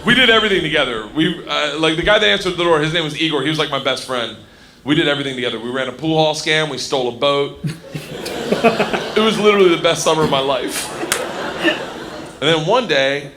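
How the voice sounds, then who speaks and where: A man's voice: a little high, fast talker, sharp tone, a little hiss or hum. A man telling a rowdy, boisterous story on stage as a stand-up comedian, swearing freely. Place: stage in front of an audience.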